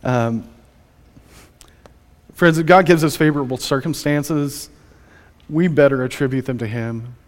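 A man's voice: mid-range voice, unhurried, pauses often. A man preaching a Sunday sermon as pastor, in a conversational way with joking asides. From United States. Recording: reverberant church hall.

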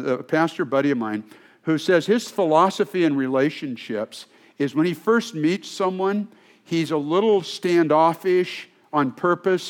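A male pastor preaching a sermon in a conversational, storytelling way, often restarting his sentences. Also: on the high side.

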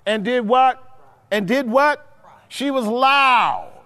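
Male Bible teacher with a high voice, forceful and repetitive, recorded with long hall reverb. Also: lively intonation, slow pace. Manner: emphatic, repeats points, checks in with listeners. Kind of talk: preaching Bible study.

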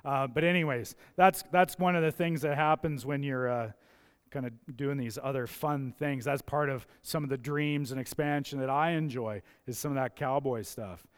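A man preaching a sermon as pastor, his voice gravelly from a dusty throat, emphatic and repeating key phrases for stress. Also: medium pitch, normal speed, big-room sound.

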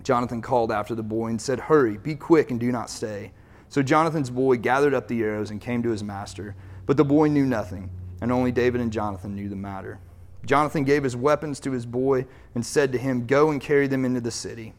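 A man's voice: mid-range voice, brisk, a little mellow. A man preaching as pastor, reading scripture aloud and retelling it in casual everyday speech.

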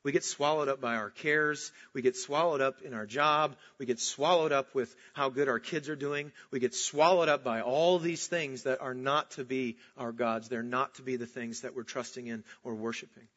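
Bright-voiced male preacher, lo-fi recording. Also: medium pitch, moderate pace, hardly any pauses. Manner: animated storytelling, dropping to soft earnest emphasis. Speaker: pastor. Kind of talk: sermon.

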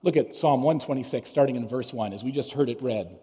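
A man's voice: medium pitch, a little fast, few pauses, dark tone, husky. A man preaching a sermon as pastor, telling a story conversationally and asking the congregation questions. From United States. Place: church sanctuary. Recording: long reverb of a church hall.

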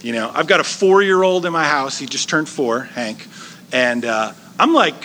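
Man in his forties, pastor, high bright voice, joking conversational sermon. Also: normal speed, a little hiss or hum. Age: 40s. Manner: joking, chatty, animated storytelling.

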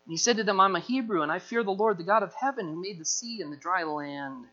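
High, bright-voiced man preaching. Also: fast talker, muffled recording. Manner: animated preaching, acting out quoted voices. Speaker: pastor. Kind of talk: sermon.

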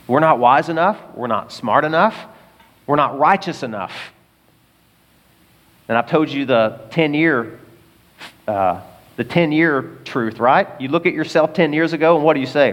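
A man preaching a sermon as pastor, emphatic, asking the congregation rhetorical questions and swinging between loud bursts and quiet asides. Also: fairly high pitch. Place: large auditorium. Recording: long hall reverb.

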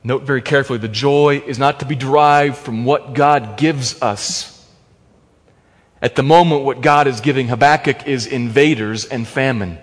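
A man preaching a sermon, emphatic, swinging between loud stressed phrases and hushed drops. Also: mid-range voice, moderate pace. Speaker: pastor. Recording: long hall reverb.

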